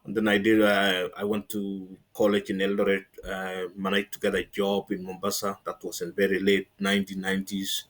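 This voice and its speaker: A middle-aged man from Kenya talking as an interview guest, telling stories in a relaxed way with many fillers. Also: low-pitched, moderate pace, hardly any pauses. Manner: relaxed storytelling with frequent fillers and laughs. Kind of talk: casual interview chat.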